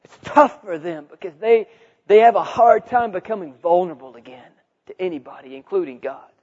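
A man's voice: sits high, a little fast, lo-fi sound. A man preaching a sermon, telling a story and acting out the voices in it. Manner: animated, acts out voices in his story.

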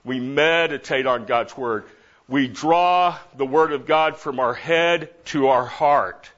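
A middle-aged man leads a Bible class, and his voice sits in a middle pitch. He repeats verses with lively emphasis on different words. The recording is a little dull and lo-fi. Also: slow. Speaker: Bible study teacher.

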